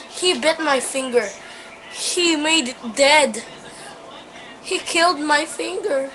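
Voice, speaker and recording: High-voiced woman talking slowly to her puppy, noisy echoey webcam audio from a distance. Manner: chatty, scolds the puppy and yelps out loud. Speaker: dog owner. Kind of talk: casual home video. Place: room at home.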